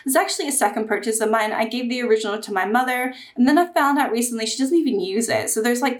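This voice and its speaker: Her voice is fairly high and recorded with a roomy sound. This beauty YouTuber ranks and reviews makeup palettes in a chatty to-camera session, gushing with sudden flashes of excitement.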